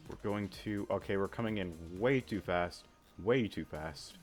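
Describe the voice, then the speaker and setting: A man casually talking through a flight simulator game, thinking aloud with many pauses and filler words, and breaking into sudden excited outbursts. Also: fairly low pitch. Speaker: flight sim gamer. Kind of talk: casual gameplay commentary.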